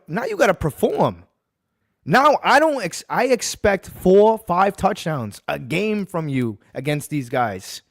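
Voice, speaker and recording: A man's voice: high-pitched, no room sound, clean studio sound. Fired-up man hosting sports talk. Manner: heated ranting, then relaxed storytelling. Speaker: podcast host. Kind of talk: casual sports talk and storytelling.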